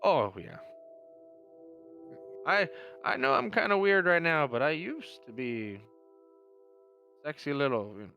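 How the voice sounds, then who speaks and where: A frail old coroner in a tabletop game, as a man puts him on, a wistful, folksy small-town figure who drifts off mid-thought. His voice lifts noticeably above the speaker's own, with soft music faintly behind. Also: a little high, big pitch swings, unhurried, creaky, long pauses, highs cut off, voice pushed up, heavily acted. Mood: somber. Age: 50s. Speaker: coroner character.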